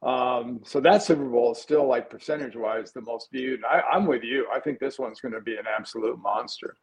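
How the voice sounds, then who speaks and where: A man in his sixties, a former player appearing as a guest analyst on sports talk radio, speaking in an easygoing, halting way with frequent restarts. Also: mid-range voice, poor audio.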